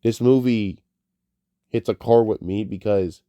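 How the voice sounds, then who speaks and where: A man's voice: lowish voice, steady tone, a little slow, warm tone, no echo. A man giving a casual, rambling movie review, emotional and tearful, swearing freely as he talks. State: tearful, crying.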